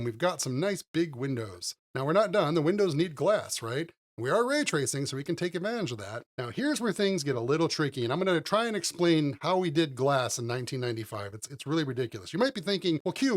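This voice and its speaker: Chatty, upbeat man walking through software. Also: a little high. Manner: enthusiastic, chatty, addresses viewers as guys. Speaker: host of a retro 3D animation channel. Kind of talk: casual screen-recorded software tutorial.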